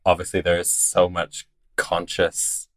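Deep-voiced male podcast host. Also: monotone, a little slow, fairly bright tone. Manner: agreeable, chimes in with short affirmations. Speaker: host, drag performer. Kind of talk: podcast interview.

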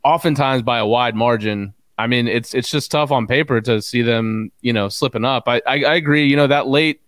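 Man, podcast host, smooth clean voice, dry close sound, measured analytical talk. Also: mid-range voice, fairly bright tone, dry recording. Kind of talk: casual sports podcast chat.

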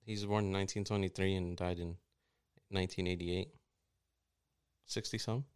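A man talks loosely and jokes with friends, swearing freely. His voice sits on the low side. It sounds smooth and full. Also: steady tone, normal speed. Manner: loose, profane, joking. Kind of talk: casual chat.

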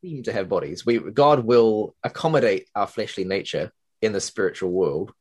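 A man who is a podcast guest, speaking in a measured, wry way during a casual discussion. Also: fairly low pitch, animated.

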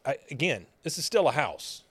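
A man's voice: fairly high pitch, very animated, normal speed, a bit bright, breathy edge, no echo. A man co-hosting a podcast, casually recapping an episode and laughing often as he retells scenes. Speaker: podcast co-host.

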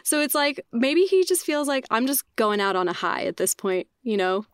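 A young woman chatting on a podcast, her voice smooth and clear. She talks in a loose, chatty way, laughs a lot and slips into a higher voice to act out quotes. The sound is close and dry. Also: very animated, moderate pace, dry recording. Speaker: podcast guest. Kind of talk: casual chat.

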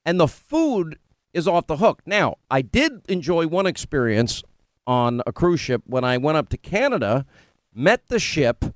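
A man's voice: fairly high pitch, very animated, measured pace, no echo. A middle-aged man hosting a radio show, telling rambling stories with lots of restarts in casual banter. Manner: rambling, self-interrupting storyteller. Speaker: radio host.

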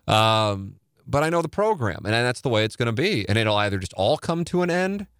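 A man's voice: mid-range voice, very animated, fairly quick, fairly bright tone, clear, resonant tone, no echo, clean studio sound. A middle-aged man, a radio show host, talking candidly and rambling on a podcast. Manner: rambling, candid, self-correcting. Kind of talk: reflective podcast talk.

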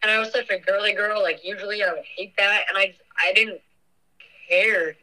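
Interviewee: young woman, bright tone, earnest and halting, lots of fillers. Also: mid-range voice, fairly even intonation, poor audio. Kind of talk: personal recollection.

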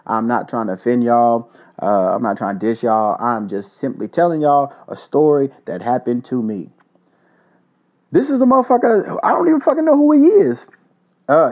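A man hosting his own podcast, telling a story in a heated, profane, casual rant. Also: mid-range voice. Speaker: podcast host. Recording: dull lo-fi recording.

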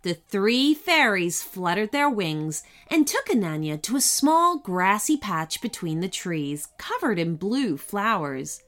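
Casting: woman storyteller for kids, lively pitch, slow and gentle delivery. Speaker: podcast host and storyteller. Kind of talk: bedtime story narration.

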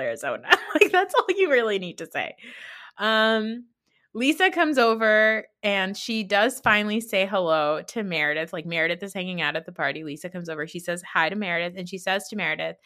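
A woman hosting a podcast, recapping reality TV in a chatty, sarcastic way and acting out quotes. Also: medium pitch. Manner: chatty, sarcastic, animated quoting of cast. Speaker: podcast host.

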